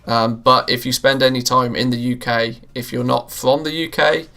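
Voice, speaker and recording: Gravelly British man chatting on stream. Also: mid-range voice, fairly even intonation, moderate pace, bright, forceful tone. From England, near Liverpool. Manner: chatty, laughs often, answers viewer questions. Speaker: livestream gamer host. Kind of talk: casual live-stream chat while gaming.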